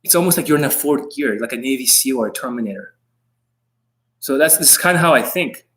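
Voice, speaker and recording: A man's voice: mid-range voice, expressive, a little fast, fairly bright tone. A middle-aged man, a dating coach, talking on a live stream in an intense, rambling, profane way that can come across as angry.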